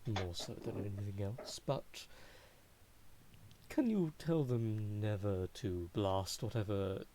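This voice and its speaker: A man narrating as game master of a tabletop game, halting and full of fillers. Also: lowish voice, warm tone, slight background noise.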